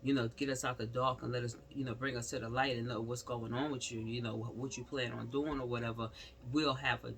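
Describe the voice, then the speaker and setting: Male vlogger, casual rant-style commentary, gravelly with some fry, keeps repeating himself. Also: medium pitch, flat delivery, fairly quick, fairly bright tone, slight background noise. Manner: rambling, repetitive, exclamatory, talks straight to the subject.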